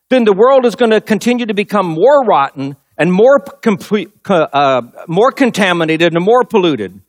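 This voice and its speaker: A middle-aged male pastor with a high voice preaches a sermon, recorded in studio quality without echo. He shares a personal story and hammers his points home through emphatic repetition.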